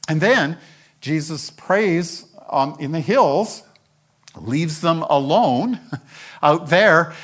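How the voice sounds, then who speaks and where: Older man preaching with lively pitch. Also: slightly rough. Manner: animated storyteller who acts out the characters' lines. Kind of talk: sermon, Bible teaching.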